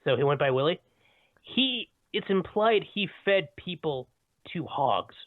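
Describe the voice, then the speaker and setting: A man's voice: on the high side, lively intonation, measured pace, no echo. A man co-hosting a casual podcast from home, rambling and cutting himself off, with frequent chuckles. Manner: rambling, self-interrupting, chuckling. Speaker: podcast co-host. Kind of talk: casual chat. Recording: tinny phone-like dry sound.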